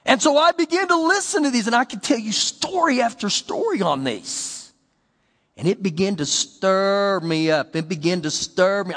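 In a large hall, a male pastor with a high voice delivers an animated sermon. He acts out the voices of the people in his stories and scripture.

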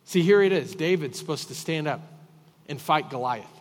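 A man preaching a sermon as pastor, emphatic and repetitive, swinging between loud and quiet. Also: on the high side, expressive, normal speed, in a large hall. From Texas.

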